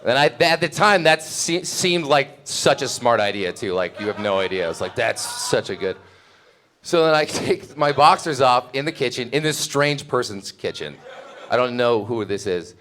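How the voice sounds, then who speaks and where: A man's voice: mid-range voice, expressive, moderate pace, a bit bright. A young man telling a comic story, rambling and self-mocking, laughing as he goes. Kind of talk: live comedic storytelling.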